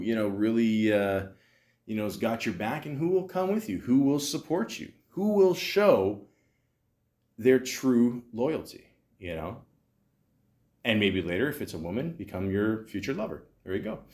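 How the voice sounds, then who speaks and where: A man's voice: on the low side, a little mellow. Rambling profane podcast host, male. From New Jersey. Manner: loose, profane, rambling with many fillers. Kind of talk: casual movie review monologue.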